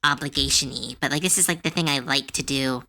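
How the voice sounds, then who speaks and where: A woman artist chatting casually on a livestream while she draws, talking in a chatty, animated way with many fillers and restarts. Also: extremely low pitch, brisk. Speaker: artist streamer.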